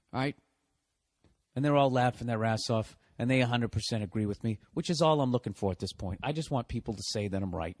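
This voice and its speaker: A man hosting a podcast, delivering a profane, exasperated comedic rant. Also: mid-range voice. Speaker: podcast host. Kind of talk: ranting comedic monologue.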